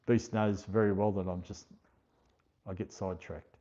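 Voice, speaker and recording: Relaxed Australian man hosting a livestream. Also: deep voice. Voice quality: unhurried, slower speaking. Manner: chatty, reads out viewer comments, thanks each viewer. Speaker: livestream host. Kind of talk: casual live chat reading comments. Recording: dull lo-fi stream audio.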